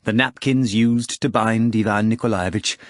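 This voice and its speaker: A man narrating an audiobook in an expressive, dramatic reading. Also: on the low side, moderate pace, no echo, clean studio sound. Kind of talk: scripted narration.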